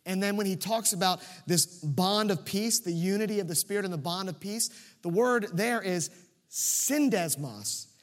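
A man in his thirties preaching a sermon as a pastor, swinging between loud emphatic peaks and quiet asides and repeating key phrases for emphasis. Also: sits high, normal speed, in a large hall.

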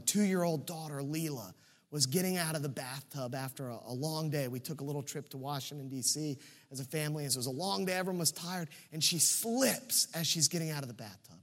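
High-voiced animated preacher man. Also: in a large hall. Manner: animated preaching, swinging from loud emphatic peaks to quiet asides; repeats key phrases for emphasis. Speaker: pastor. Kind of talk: sermon.

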